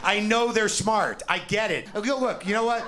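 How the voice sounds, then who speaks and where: A man's voice: sits high, normal speed, very noisy. A man doing stand-up comedy, ranting in a sardonic, profane way.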